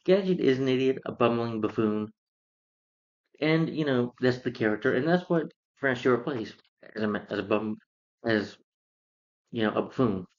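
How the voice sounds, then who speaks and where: A man's voice: medium pitch, lively intonation, normal speed, muffled recording. A man casually reviewing a film, rambling through the plot with lots of fillers and restarts. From lives in Georgia, US.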